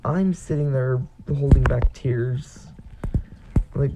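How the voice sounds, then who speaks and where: Young man with a gravelly, slow drawl. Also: a little high, fairly even intonation, background noise. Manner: rambling, filler-heavy retelling. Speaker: vlogger. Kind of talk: casual storytime.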